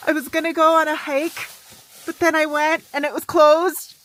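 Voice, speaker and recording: Woman, travel vlogger, casual monologue, exclamatory, swears a lot, slightly high voice, phone mic, car and outdoors. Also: level tone, normal speed, fairly bright tone. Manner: chatty, exclamatory, swears freely. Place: inside a car and outdoors at canyon viewpoints.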